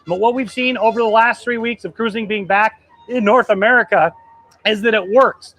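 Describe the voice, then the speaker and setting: A travel agency host in his thirties broadcasts a live travel vlog from a cruise ship deck, rambling excitedly and emotionally. His high-pitched voice trembles and chokes up at a moderate pace.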